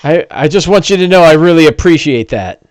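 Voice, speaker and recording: A man voicing a wounded bandit in a tabletop game, humbly thankful one moment and crowing the next. The voice sits fairly high and swings widely in pitch, recorded dry and close. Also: expressive, a little fast, dry recording, lightly acted. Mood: meek, grateful. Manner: meek thanks turning to gloating shouts. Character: treacherous wounded male bandit, fake grateful.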